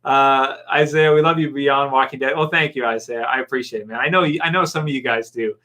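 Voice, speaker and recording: A man's voice: medium pitch, steady tone, fairly quick, bright, forceful tone. A man hosting a casual live stream, reading out viewer comments and rambling in a friendly way with lots of fillers. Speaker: YouTube channel host.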